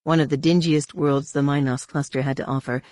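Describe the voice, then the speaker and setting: Male audiobook narrator, even scripted delivery, dry booth sound. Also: fairly high pitch, fairly quick, dry recording.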